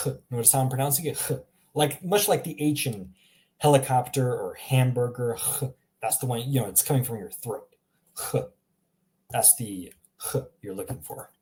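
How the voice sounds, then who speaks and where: A man giving a casual language lesson, saying example words again and again in a relaxed way with small laughs. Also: mid-range voice. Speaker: language teacher.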